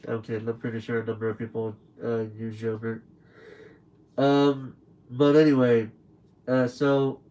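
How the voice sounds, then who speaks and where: A slightly mellow, mid-range voice comes through a rough recording. The young man is streaming from home late at night, rambling through a casual tale and performing the lines of people he quotes.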